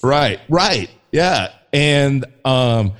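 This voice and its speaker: A man's voice: medium pitch, expressive, very slow, fairly bright tone. A man talking as a guest in a casual faith conversation, enthusiastic and rambling with frequent restarts. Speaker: podcast guest.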